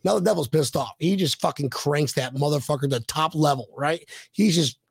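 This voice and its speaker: A man co-hosts a casual sports podcast, his slightly high voice gravelly and rough. He tells rowdy jokes and swears freely. The recording is dry and close, with no room sound. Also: fairly quick, no room sound. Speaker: podcast co-host.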